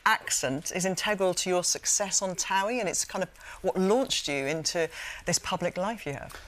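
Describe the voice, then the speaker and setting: A woman co-presenting a live magazine show, chatty and bright as she talks with her guests. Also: on the low side, normal speed. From half Welsh. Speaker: co-host.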